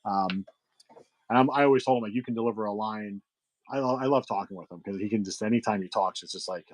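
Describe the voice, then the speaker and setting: A man's voice: fairly low pitch, fast, rough recording. A middle-aged man hosting a livestream sale, chatting casually with viewers, rambling with lots of fillers and restarts. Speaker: livestream seller host.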